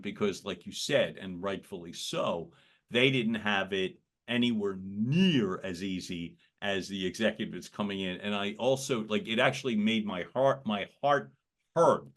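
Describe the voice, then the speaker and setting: An American man hosts a casual interview. His voice is low but bright and forceful, and his questions wander and restart as he rephrases them. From United States. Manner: rambling, reworded questions. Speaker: podcast host. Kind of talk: conversational interview.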